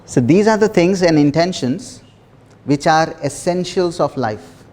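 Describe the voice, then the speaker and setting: Earnest man leading a workshop, higher voice. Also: animated, unhurried. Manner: earnest, repetitive, laughs softly between phrases. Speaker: workshop facilitator. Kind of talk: motivational workshop talk.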